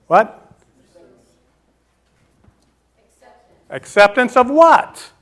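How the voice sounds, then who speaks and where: A man preaching a sermon, posing questions to his listeners, answering them himself and slowing down to stress key words. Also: high-pitched, fairly bright tone.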